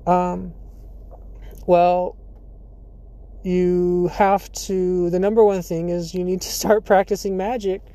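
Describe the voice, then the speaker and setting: In a mellow, mid-range voice, a podcast host muses alone in a casual way, laughing between ideas, clearing the throat and using fillers whenever they pause.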